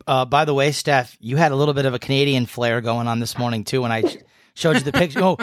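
A man's voice: medium pitch, fast, no echo. Teasing New England man, dry sound. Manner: joking, teasing, swears freely. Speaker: podcast co-host. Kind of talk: casual chat.

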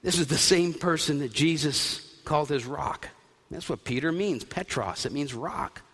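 Male pastor, slightly high voice, animated storytelling sermon, recorded with long hall reverb. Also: normal speed, breathy edge.

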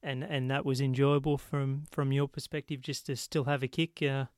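A man's voice: mid-range voice, flat delivery, no room sound, studio quality. A man interviewing a guest casually, repeating words and restarting as he frames his questions. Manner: halting, repeats words while framing questions.

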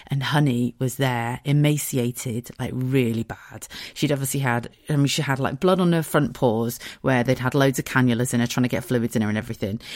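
A woman's voice: very deep voice, darkish tone, no echo, clean studio sound. Tearful chatty woman podcaster. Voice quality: chatty, swears freely. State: tearful, close to crying. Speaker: podcast host. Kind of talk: casual storytelling monologue.

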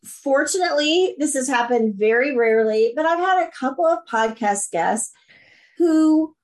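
A middle-aged woman talking in a casual podcast interview, telling stories with lively acted-out quotes. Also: sits high, moderate pace. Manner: animated storyteller, acts out quoted voices. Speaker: podcast host and guest.

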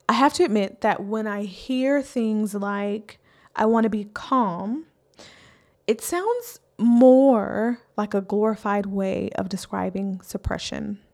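A woman's voice: fairly high pitch, a little mellow. A woman therapist hosting a podcast, talking earnestly in a conversational way and often checking in with "right?".

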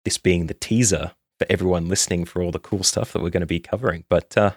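Deep-voiced male podcast host. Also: steady tone, no room sound, studio quality. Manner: enthusiastic, a little halting. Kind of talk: podcast interview.

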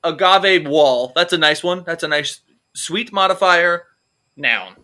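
A man's voice: high-pitched, a little slow, sharp tone. A man co-hosting a comedy podcast, rambling through jokes and swearing freely in casual chat. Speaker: podcast co-host.

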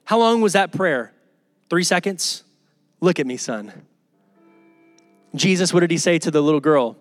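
A man's voice: on the high side, lively intonation, normal speed, no echo, soft background music. A man preaching a sermon to his church in a casual, conversational way, acting out the people in his stories. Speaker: pastor.

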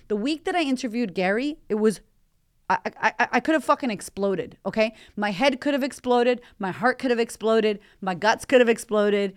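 A woman's voice: fairly high pitch, normal speed. A woman hosting a motivational podcast, talking with candid energy and swearing freely. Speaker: podcast host and life coach.

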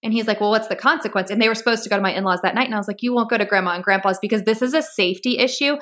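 A woman in her thirties chats on a parenting podcast with a bright, forward voice. She tells family stories in a casual, lively way and acts out her own lines and her kids' lines. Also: medium pitch, racing. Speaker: podcast co-host.

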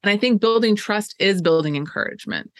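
Speaking a little fast, this medium-pitched woman, a podcast co-host and client coach, keeps the chat casual and upbeat. She laughs frequently and quotes herself. The recording is dry.

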